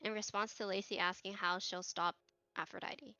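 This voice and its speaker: A woman's voice: medium pitch, fairly even intonation, moderate pace, sharp tone, no room sound, lo-fi sound. A young woman chatting casually about an episode, emotional and candid, laughing and swearing freely. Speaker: cast member on a recap show. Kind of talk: casual recap chat.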